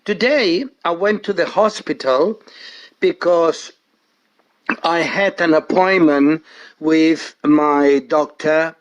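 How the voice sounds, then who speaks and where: Guy, middle-aged, talking slow in english, chatty voice message, lots of uhs. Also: fairly high pitch. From Spain. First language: Spanish. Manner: chatty storyteller with frequent hesitations. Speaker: guest speaker. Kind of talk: casual recorded voice message.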